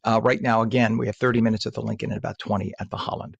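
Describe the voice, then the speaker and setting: Brief: male New morning host, joking traffic reads, some fry, dry close mic. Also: fairly low pitch, level tone, rapid-fire, no echo, highs cut off. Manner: jokey, chatty, ad-libbing. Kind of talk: casual radio traffic report. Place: radio studio. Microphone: studio mic. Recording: dry studio sound.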